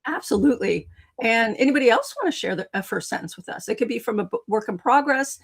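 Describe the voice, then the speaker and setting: A woman's voice: a little high, expressive, fast talker, husky, poor audio. A woman hosting a live video stream, teaching writing in a casual, chatty way and talking to viewers in the chat. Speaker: writing coach and live show host.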